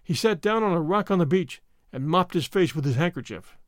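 Male audiobook narrator, expressive, animated range. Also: on the high side, brisk, no room sound, studio quality.

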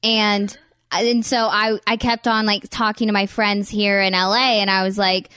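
A young American woman hosting a podcast in casual chat, gushing and warm with lots of filler words. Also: mid-range voice, little pitch movement, normal speed, smooth, no echo, clean studio sound. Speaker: podcast host.

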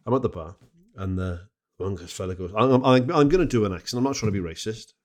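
Fast-talking man telling a story. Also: on the low side. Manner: animated storyteller, acts out the other voices. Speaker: podcast co-host. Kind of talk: casual anecdote-telling.

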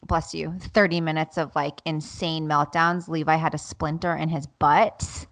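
A woman's voice: sits low, normal speed. A woman in her thirties co-hosting a casual podcast, telling stories with animation and frequent laughter. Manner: animated storyteller, laughs often, acts out quotes. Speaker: podcast co-host. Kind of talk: casual chat.

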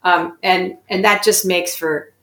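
A woman's voice: on the low side, fairly even intonation, unhurried, fairly bright tone, roomy sound. A woman being interviewed as a guest actor, telling stories in a reflective, self-correcting way. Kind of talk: interview conversation.

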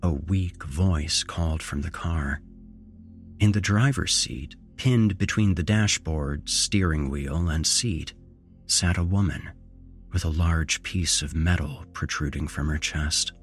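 A man narrating a first-person horror story as a podcast host, with measured pacing and dramatic shifts in intonation. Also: very deep voice, faint music behind.

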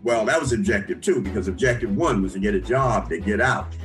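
An older man telling his life story in a relaxed interview, with many restarts and small chuckles. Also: fairly low pitch, brisk, soft background music, rough recording. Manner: conversational, with frequent restarts and chuckles. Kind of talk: recalling his past in an interview.

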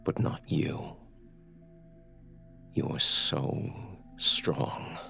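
A man voicing a creepy, obsessive male captor who speaks slowly and with menace, in a horror story. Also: a bass voice, steady tone, soft background music, full character voice. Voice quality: gravelly, breathy. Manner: slow, leering, menacing.

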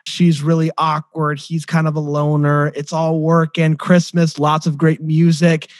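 A man guests on a podcast, chatting with playful enthusiasm. His voice sits fairly high. The sound is dry and close. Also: monotone, a little slow, no echo. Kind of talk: casual chat.

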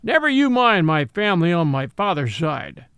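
A man's voice: high-pitched, very animated, normal speed, a bit bright, no echo, full character voice. A man doing Billy, a blustering army mule. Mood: indignant. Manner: blustering, indignant. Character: cocky, quarrelsome army mule.

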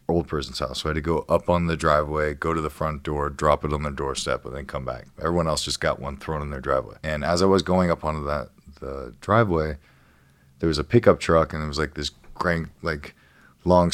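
Man, 30s, very low voice, dry close mic, casual podcast guest, profane storyteller. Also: dry recording. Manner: profane, animated storyteller acting out quotes. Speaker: guest, professional fighter.

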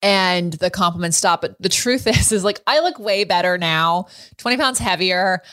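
A woman's voice: lowish voice, moderate pace, a bit bright, dry recording, studio quality. A woman in her thirties hosting a podcast, chatting frankly and laughing often as she asks questions. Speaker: podcast host. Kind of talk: casual interview chat.

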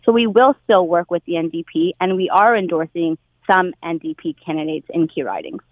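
A woman interviewed on radio as a union public relations director, speaking in a measured, deliberate way. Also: fairly low pitch, no echo. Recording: tinny dry phone line.

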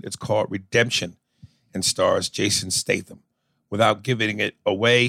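A man's voice: on the low side, pushed and bright, dry recording. A man co-hosting a podcast, reading listener emails aloud in a loose, profane, joking way. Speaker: podcast co-host. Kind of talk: casual podcast chat.

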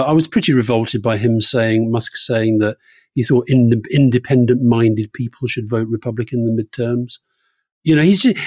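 A man's voice: medium pitch, a little mellow, husky, no echo. A middle-aged man co-hosting a podcast, teasing, dry and blunt as he reads questions. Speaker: podcast co-host. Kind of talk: casual podcast chat.

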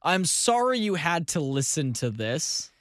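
A man's voice: fairly high pitch, big pitch swings, measured pace, fairly bright tone, dry recording, clean studio sound. A man co-hosting a casual podcast, loose and profane, often breaking into laughter. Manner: giggly, keeps breaking into laughter. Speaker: podcast co-host.

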